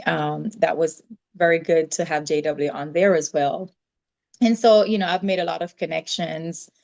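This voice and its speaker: Jamaican woman, somewhat low voice, lively storyteller, podcast guest, middle-aged. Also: normal speed, creaky, lo-fi sound. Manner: lively storytelling, acts out quoted dialogue. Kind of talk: casual interview chat.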